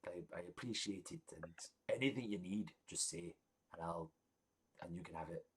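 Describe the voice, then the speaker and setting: A man putting on a grateful king in a tabletop game, speaking low and hushed. The voice is quiet and earnest, lower than his usual talk. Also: moderate pace, a little hiss or hum, lightly acted.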